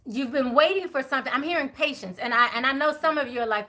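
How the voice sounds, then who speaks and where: Woman, tarot reader, live reading, chatty, high voice, bright tone. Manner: chatty, talks to viewers and spirits; frequent fillers, quick apologies.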